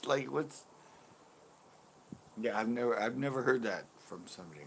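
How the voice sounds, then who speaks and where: A man in his fifties hosting his channel, telling a story in casual chat, animated, laughing often and cursing freely. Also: mid-range voice, moderate pace, pauses often, a little hiss or hum. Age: 50s. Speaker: host.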